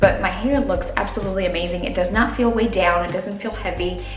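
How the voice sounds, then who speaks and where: A woman's voice: mid-range voice, fairly even intonation, fairly quick. Upbeat woman doing a hair how-to vid, chatty, roomy echo, bit of music underneath. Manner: chatty, upbeat, talks through each step. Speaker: beauty vlogger. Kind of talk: casual hair tutorial and product review. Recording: echoey room with faint music.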